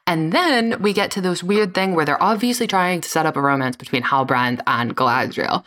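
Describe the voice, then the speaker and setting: Co-host, female, low-pitched, exasperated profane ranter, casual delivery. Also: moderate pace, fairly bright tone. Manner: ranting, profane, sarcastic. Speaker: podcast co-host. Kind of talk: casual recap chat.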